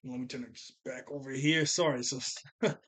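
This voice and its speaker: A man's voice: medium pitch, steady tone, moderate pace, a bit bright. A man recapping a cartoon episode in casual, rambling talk, correcting himself and tired from a long day of recording. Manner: rambling, self-correcting, acts out character lines in a raised voice. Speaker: show reviewer.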